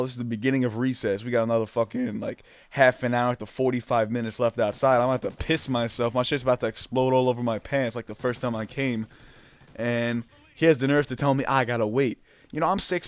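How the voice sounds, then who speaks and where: A man's voice: mid-range voice, smooth, no echo. A young man casually telling a rambling, profane childhood story as a gaming channel host, full of fillers and swearing. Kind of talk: casual story time over gameplay.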